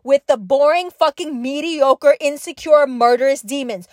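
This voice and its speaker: A woman's voice: high-pitched, no room sound, studio quality. A young adult woman delivering an angry, impassioned podcast monologue, emphatic and profane, hammering her points through repetition. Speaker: podcast host.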